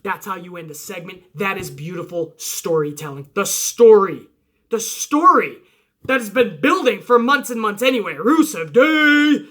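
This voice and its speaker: A man hosting a wrestling review show, recapping matches in an excited, casual way, swearing often and acting out quotes. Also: sits high, normal speed.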